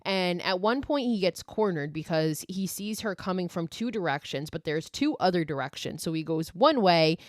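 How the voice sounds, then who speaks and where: A woman's voice: fairly low pitch, animated, moderate pace, few pauses, no echo, studio quality. A woman podcast host casually retelling a horror movie plot, chatty and profane, with lots of "like". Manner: chatty and profane, heavy use of "like".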